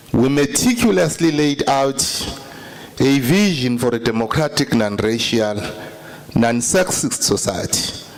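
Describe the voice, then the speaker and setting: A South African man giving a formal political address to a conference after leading rousing chants. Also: medium pitch. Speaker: speaker. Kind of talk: political speech.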